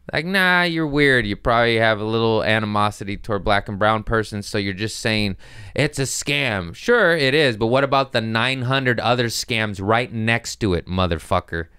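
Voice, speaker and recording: A man's voice: on the low side, fairly bright tone, clear, resonant tone, no echo, studio quality. A man hosting a podcast, talking loosely and profanely in a jokey comedic rant.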